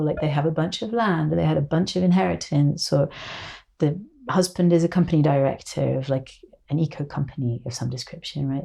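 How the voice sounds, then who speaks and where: A woman guesting on a podcast tells stories in casual conversation, speaking in a low-pitched, creaky voice at normal speed. Her storytelling is emotional, animated, and heavy with fillers.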